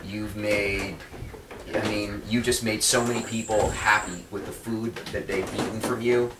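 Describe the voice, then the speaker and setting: A man's voice: fairly low pitch, little pitch movement, measured pace. A man hosting a casual chat, upbeat and encouraging toward his guest. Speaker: host. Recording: roomy, distant, noisy.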